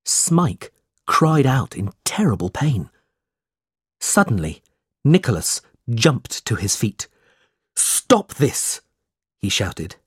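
A man narrating a storybook chapter slowly and deliberately, with expressive reading. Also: lowish voice, breathy edge, dry recording, studio quality. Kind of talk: slow audiobook narration for learners.

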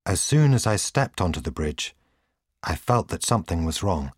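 A man's voice: low-pitched, big pitch swings, normal speed, breathy edge, no echo, clean studio sound. A man reading a children's storybook aloud as a scripted narration. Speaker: audiobook reader.

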